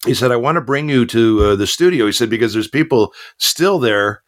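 A man's voice: medium pitch, expressive, brisk. A man who works as a voice actor, telling stories in a casual interview, with many fillers and restarts. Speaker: voice actor guest.

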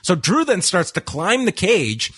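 A man giving a wry, casual recap of a wrestling show, with frequent "uh" pauses. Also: sits high, wildly swooping pitch, fairly bright tone, husky, no echo. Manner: dry, wry recap with hesitations.

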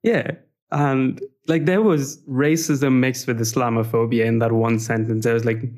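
A man's voice: mid-range voice, fairly even intonation, moderate pace, darkish tone. A young man in casual conversation, telling personal stories with humor and frequent "like" fillers.

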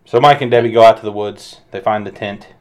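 A man's voice: fairly low pitch, fast talker, lo-fi sound. Man recapping a movie plot. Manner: narrates plot in short stretches. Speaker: podcast co-host. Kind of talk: casual movie recap chat.

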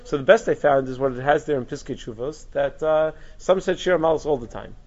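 A man's voice: a little high, a little fast, darkish tone, muffled recording. A man teaching a Torah class, thinking aloud with frequent restarts and asides. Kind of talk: recorded Torah lecture.

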